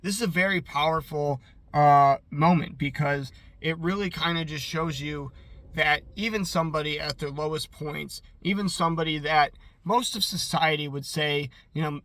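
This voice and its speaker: This man rambles through an episode recap in a loose, chatty way, leaning on "like" constantly. His voice is bright and slightly high. The sound is dry and close to the mic. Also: normal speed, dry recording. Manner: rambling and chatty, heavy use of "like". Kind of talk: casual commentary.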